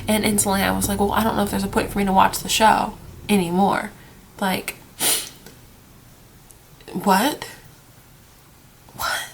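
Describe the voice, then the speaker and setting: A woman's voice: medium pitch, flat delivery, measured pace, creaky, pauses often, slight background noise. A young woman vlogging casually, worn out from crying and short on sleep, rambling and trailing off into whispers. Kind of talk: casual emotional vlog.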